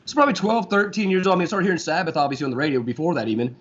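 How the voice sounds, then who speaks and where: A man in his forties from Florida, a guest guitarist in a casual interview, talking in a relaxed, rambling way with lots of fillers. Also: a little high, rapid-fire. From Florida, USA. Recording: dull lo-fi sound.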